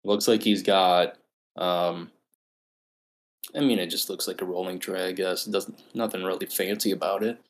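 Young man, low voice, joking podcast co-host, casual banter. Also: steady tone, moderate pace. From Australia. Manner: joking, teasing, laughs often.

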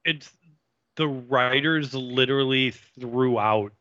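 Slow-talking, bright-voiced man co-host. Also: medium pitch, no echo, highs cut off. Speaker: podcast co-host. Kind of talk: casual chat discussing a TV episode.

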